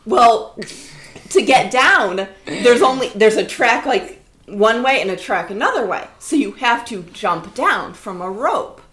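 A woman's voice: a little high, a little slow. A woman in her twenties telling a funny story in casual chat, acting out the people in it. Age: 20s. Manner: animated storyteller, acts out voices in her stories. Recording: roomy echo.

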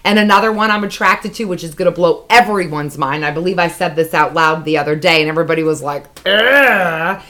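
A woman's voice: on the low side, fairly quick, hardly any pauses, fairly bright tone. A woman co-hosting a casual podcast, rambling chattily and swearing often. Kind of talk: casual chat.

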